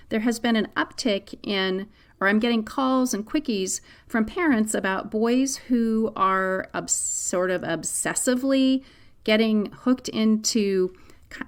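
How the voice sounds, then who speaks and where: A middle-aged woman hosting a parenting podcast, answering a listener's question in a candid, conversational way. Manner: candid, conversational, animated pitch swings.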